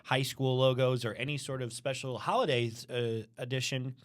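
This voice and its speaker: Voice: medium pitch, fairly even intonation, normal speed. A teacher hosting a school podcast in casual chat, patiently asking children questions and steering them back on topic. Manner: explains and asks follow-up questions.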